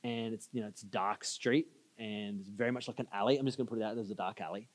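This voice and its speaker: A man's voice: fairly low pitch, fairly even intonation, fast. A man preaching a sermon, telling stories with casual asides and getting the audience to answer back. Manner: storytelling, conversational asides, audience call-and-response. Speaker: pastor. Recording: reverberant hall.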